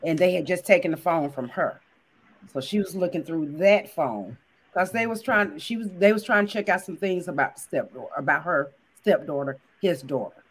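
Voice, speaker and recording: A woman's voice: lowish voice, moderate pace, husky. Co-host, woman, earnest and insistent, casual chat.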